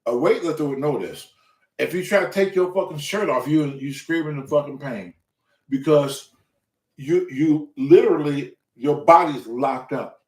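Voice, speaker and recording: A man hosting a show, telling a story in casual, profane speech and acting out the quotes. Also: normal speed. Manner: animated, profane, acts out quotes with loud pitch jumps. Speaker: show host. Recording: echoey room.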